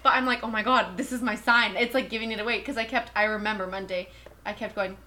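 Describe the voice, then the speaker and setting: A woman's voice: medium pitch, fairly even intonation, fast talker, pushed and bright, a little hiss or hum. A woman co-hosting a casual podcast, telling stories in a chatty way and laughing often. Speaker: podcast co-host. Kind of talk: casual chat.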